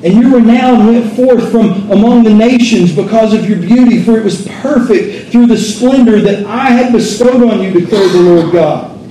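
A man's voice: high-pitched, moderate pace, warm tone. A man preaching a sermon in an impassioned way, reading scripture aloud and then asking and answering his own rhetorical questions. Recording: roomy echo from a distant mic.

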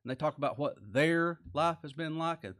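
Male pastor, earnest folksy sermon delivery, slightly high voice. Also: a little fast, fairly bright tone. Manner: folksy, earnest preaching with Southern dialect.

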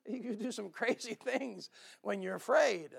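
A man preaching a sermon, with a high, gravelly voice. He hammers on repeated phrases and swings between loud outbursts and low, quiet asides. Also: a little slow. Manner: emphatic, rising to loud bursts then dropping low; repeats key phrases for emphasis.

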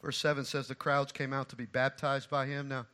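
A middle-aged man preaching a sermon as pastor, swinging from quiet asides to loud, repeated emphatic lines. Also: medium pitch, level tone, fairly quick, smooth.

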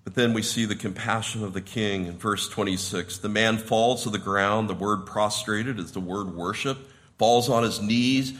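Male pastor, sermon, explains word meanings, gets louder when quoting the characters. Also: steady tone, moderate pace. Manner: rises in pitch and volume when quoting the characters.

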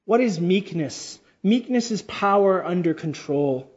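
A man preaching a sermon with fervor, swinging between loud, high exclamations and quiet, low passages and slowly drawing out key words. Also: expressive. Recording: dull lo-fi sermon recording.

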